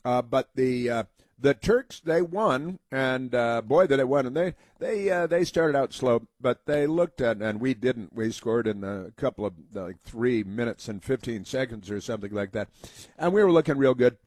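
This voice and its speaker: A man's voice: medium pitch, moderate pace, darkish tone, no echo. An American man hosting a political talk show, rambling with many fillers and mocking put-on voices. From United States. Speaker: talk radio host.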